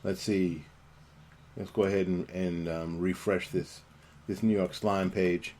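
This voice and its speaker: A man hosting casual live commentary, talking haltingly with many ums and restarts. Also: deep voice, little pitch movement, darkish tone, slight background noise.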